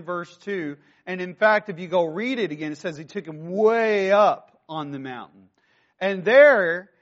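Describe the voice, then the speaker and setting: A man delivers a sermon in a notably high-pitched voice, speaking conversationally as a pastor and peppering his teaching with rhetorical questions. The recording sounds slightly dull and lo-fi.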